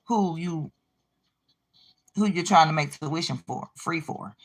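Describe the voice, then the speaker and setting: A woman's voice: deep voice, slow pace. A woman hosting a reaction video, reading items aloud and answering clips with sarcastic remarks. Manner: sarcastic, talks back to the clips. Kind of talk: casual commentary on news clips.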